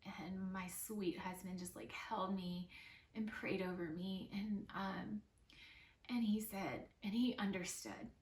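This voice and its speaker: Soft-spoken young woman telling a tearful story. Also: mid-range voice, fairly even intonation, slow. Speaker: vlogger. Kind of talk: personal story vlog. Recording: roomy, slightly distant mic with soft music.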